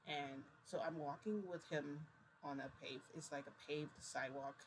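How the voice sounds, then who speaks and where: A woman's voice: low-pitched, fairly even intonation, normal speed, slight background noise, poor audio. A woman casually retelling a story, chatty and full of "I'm like". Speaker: vlogger.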